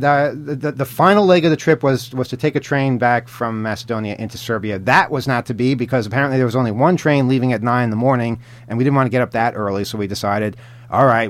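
A man co-hosting a podcast, telling travel stories in casual chat, rambling with many fillers and restarts and chuckling often. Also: mid-range voice. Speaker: podcast co-host.

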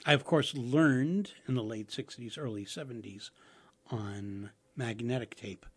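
An older man wraps up a radio program in a rambling, casual way. He talks slowly, and his voice has a husky edge. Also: mid-range voice. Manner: rambling, with restarts and fillers. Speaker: radio host and producer.

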